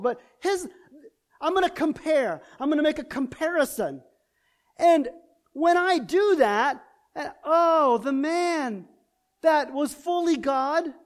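A male preacher delivers his sermon in an impassioned voice, piling up rhetorical questions. He takes his time and leans hard on each phrase. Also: very high voice.

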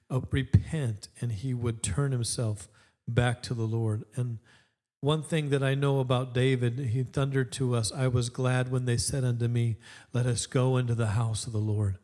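A man's voice: medium pitch, darkish tone. A man preaching a sermon to his church, telling a story in a conversational way. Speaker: pastor.

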